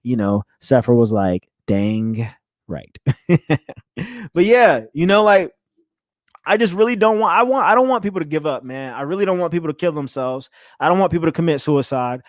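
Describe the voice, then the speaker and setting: A man's voice: fairly high pitch, brisk, dry recording, studio quality. Earnest man hosting a motivational podcast. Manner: earnest, animated, laughs often, repeats words. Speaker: podcast host. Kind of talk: motivational solo podcast talk.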